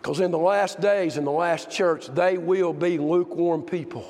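A man preaching a sermon, telling stories with passion and swinging from shouts to hushed tones. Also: fairly high pitch, fairly even intonation, normal speed. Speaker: pastor. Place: church sanctuary. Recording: long hall reverb.

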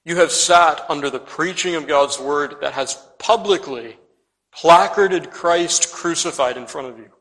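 A man preaching a sermon with pointed emphasis, swelling on key phrases and dropping to quiet endings. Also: on the high side, a little slow, big-room sound, poor audio. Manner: pointed, rising and falling emphasis, trailing off to quiet ends.

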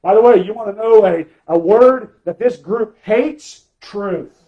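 High-voiced preacher guy, emphatic, keeps asking for amens. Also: a little slow, phone-quality sound. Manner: emphatic, calls for amens, swings loud and soft. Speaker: pastor. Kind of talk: sermon.

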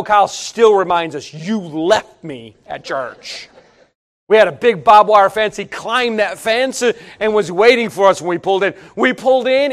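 A middle-aged man preaching a sermon, telling folksy stories and talking straight to the congregation. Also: high-pitched. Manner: folksy, storytelling preacher, addresses congregation directly. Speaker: pastor.

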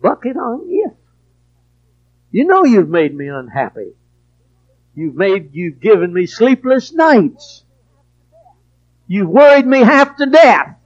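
High-voiced slow preacher man. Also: very animated. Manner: preachy, swings from quiet to shouted emphasis. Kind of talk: sermon. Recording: dull lo-fi recording.

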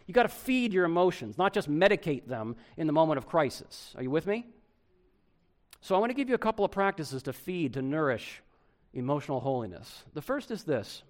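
A man preaching a sermon, moving between loud emphatic passages and soft, hushed ones. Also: fairly high pitch.

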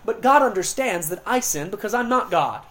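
Emphatic woman preacher with hushed lows. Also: expressive. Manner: emphatic, slows down to stress key words; swings between loud emphasis and quiet, hushed delivery. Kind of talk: sermon.

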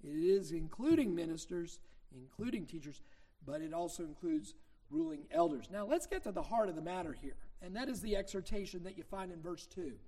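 A man's voice: sits high, animated, fairly quick, mellow. A middle-aged man preaching a sermon as a minister, teaching in a conversational way with anecdotes and leaning hard on key points.

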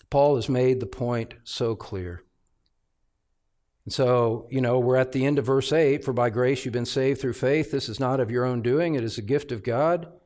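A male pastor preaching an expository sermon, emphatic, repeating phrases and swinging from hushed asides to loud outbursts. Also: fairly high pitch. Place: church sanctuary.

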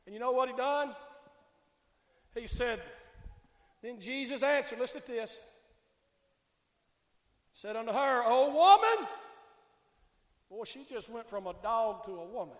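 A male pastor preaching a fiery sermon, swinging between shouting and hushed tones and calling out to the congregation. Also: very high voice, animated, unhurried, pauses often. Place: church sanctuary. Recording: echoey church hall with long reverb.

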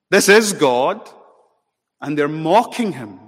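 A man preaching a sermon in a church, dramatic and impassioned, rising to emphatic peaks and slowing into solemn stretches. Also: medium pitch. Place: church sanctuary. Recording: long hall reverb.

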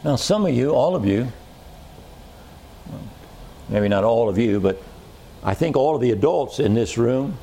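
A male pastor preaching a sermon to a congregation in a church, slow and emphatic, stressing his points with repetition and rhetorical questions. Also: medium pitch, lively intonation, creaky, warm tone, slight background noise.

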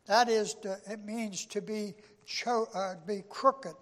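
An older male preacher delivers a sermon at a slow, deliberate pace, his voice pitched high for a man. He stumbles and restarts often, then swells with emphasis on key words. His voice rings with the long reverb of a church hall. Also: steady tone, a bit bright. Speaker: pastor.

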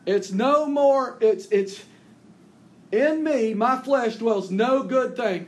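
A man preaching a sermon in an earnest way, reading scripture aloud with rising emphasis and letting his phrases fall low and soft at the ends. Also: takes it slowly. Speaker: pastor.

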